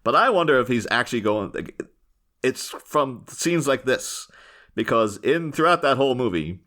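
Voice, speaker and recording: A man's voice: mid-range voice, expressive, moderate pace, fairly bright tone. A man hosting a podcast, talking casually and enthusiastically about a film, rambling with frequent restarts. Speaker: podcast host. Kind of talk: casual chat, film discussion.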